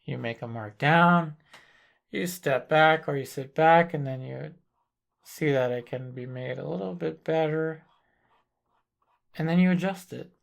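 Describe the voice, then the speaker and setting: A man leads a painting lesson in a slow, unhurried delivery. His voice has a gravelly rasp, and he talks through each step calmly and deliberately, like someone working at the easel as he speaks. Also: fairly high pitch. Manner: thinks aloud while working, calm and deliberate. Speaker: painting instructor. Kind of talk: live painting demonstration.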